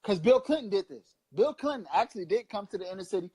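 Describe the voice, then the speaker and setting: A man in his thirties from Long Beach, California co-hosts a casual political chat show, preaching in an impassioned, profane, rambling way. His voice is high, animated, and fast, with a dark tone and a breathy edge.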